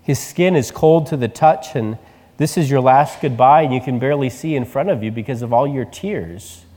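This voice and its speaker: A male pastor delivering a sermon in a conversational, animated storytelling manner. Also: medium pitch, normal speed, in a large hall. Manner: conversational preaching, animated retelling.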